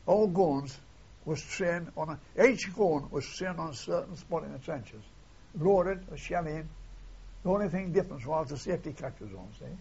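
A man's voice: on the high side, expressive, normal speed, vocal fry, darkish tone, breathy edge. An older man recalling wartime events in an oral history interview, rambling and retelling old dialogue, often tagging "see?". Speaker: war veteran interviewee. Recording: dull lo-fi archive tape.

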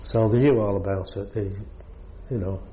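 An older British war veteran recounts his service as oral history, rambling and chuckling a lot as he tells it. His voice is lowish and mellow at a measured pace, with the highs cut off and a faint hiss behind.

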